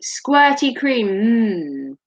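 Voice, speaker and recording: A woman's voice: on the high side, sing-song, extremely slow. A woman from Norfolk with a slight Norfolk accent, chatting casually as a vlogger, laughing and swearing freely. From Norfolk, England. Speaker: vlogger, mother. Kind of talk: casual chat. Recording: dull lo-fi home recording.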